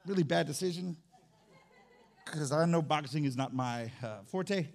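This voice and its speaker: Animated high-voiced preacher man. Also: measured pace, creaky. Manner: animated, swings from loud emphasis to hushed low lines. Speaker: pastor. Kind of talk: sermon. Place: church service.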